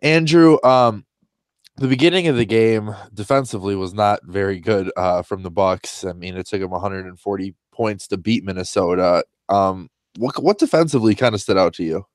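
A man's voice: on the low side, moderate pace, no room sound, studio quality. A man co-hosting a casual sports podcast, sounding nasal from a cold and talking with plenty of ums and uhs. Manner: chatty, with fillers like um and uh. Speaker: podcast co-host.

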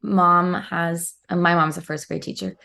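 A woman's voice: on the low side, flat delivery, creaky, pushed and bright. A young woman, an actor and guest, talking earnestly in a casual podcast interview. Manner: earnest, quick bursts with laughs.

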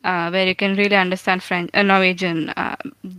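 Woman podcast co-host, smooth and bright voice, opinionated, chatty, speech full of "like" and restarts. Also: on the low side, brisk, no echo, rough recording. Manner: opinionated, animated, with frequent "like" and restarts. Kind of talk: casual interview conversation.

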